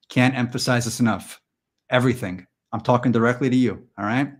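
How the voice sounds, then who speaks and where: A man hosting a comedy livestream, leading a parody guided meditation in a slow, soothing tone that slides into sarcastic rants. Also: mid-range voice. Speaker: comedy show host.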